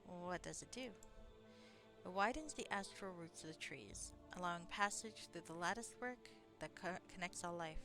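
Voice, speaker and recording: A woman's voice: lowish voice, lively intonation, normal speed, over music. A woman voicing a wise male wizard who advises the hero in formal, solemn phrasing. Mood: explaining. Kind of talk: reading game dialogue aloud.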